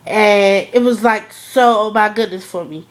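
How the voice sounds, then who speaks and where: A woman's voice: mid-range voice, a little slow. A young woman chatting casually about a TV episode, gushing and filling her talk with "like" and "oh my goodness". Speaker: vlogger reviewing a TV episode. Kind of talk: casual excited chat.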